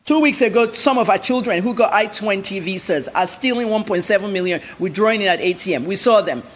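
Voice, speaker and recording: A woman's voice: medium pitch, fairly quick. A woman journalist, a guest in a TV news interview, telling her story bluntly and with animation.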